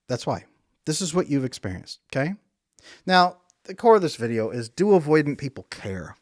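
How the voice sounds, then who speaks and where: An emphatic man coaching straight to camera, with a voice sitting a bit high for a man. He hammers his points through repetition and slips into acted-out quotes. The sound is dry and close. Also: lively intonation, fairly quick, no echo. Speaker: relationship coach.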